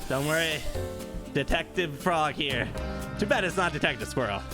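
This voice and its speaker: A man's voice: a little high, expressive, normal speed, music in the background. A man casually commenting on a detective game he is playing, joking and reading lines aloud. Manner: jokey, reads character lines in silly put-on voices.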